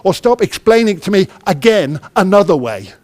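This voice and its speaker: A man's voice: high voice, very animated, brisk, darkish tone. A man, a project manager, giving an interactive workshop talk who quizzes the audience and acts out little dialogues. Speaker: conference speaker, project manager.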